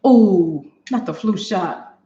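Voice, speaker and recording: A slow-speaking woman with a dark-toned, medium-pitched voice and lively intonation hosts a live cooking demo from her home kitchen. She addresses viewers directly and laughs frequently. The echoey room makes for dull, lo-fi audio.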